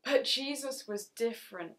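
A woman giving a Bible story talk for children at church, speaking clearly and often asking her young listeners questions. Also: a little high, measured pace, pushed and bright.

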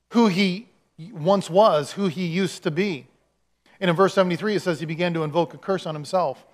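A man, a pastor, giving a sermon in a conversational storytelling way, acting out the quotes he tells. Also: on the high side.

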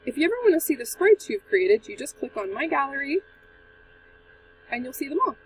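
High bouncy woman teacher, encouraging kids through a screen tutorial, slight hiss. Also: sing-song, fairly quick, recorded from a distance, poor audio. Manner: patient, encouraging, step-by-step. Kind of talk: screen-recorded tutorial for children.

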